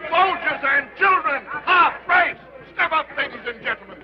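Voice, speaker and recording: Brash fairground barker; loud patter, dull old soundtrack. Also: male voice, very high-pitched, lively intonation, normal speed, a loud crowd. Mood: barking. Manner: shouting sales patter. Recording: dull 1930s film soundtrack with music.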